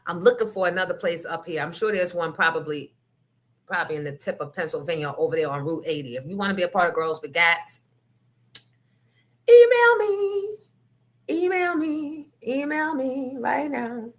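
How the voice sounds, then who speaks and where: Woman, talk show host, blunt, profane, emphatic, bright voice. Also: sits low, fast talker. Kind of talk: casual livestream rant.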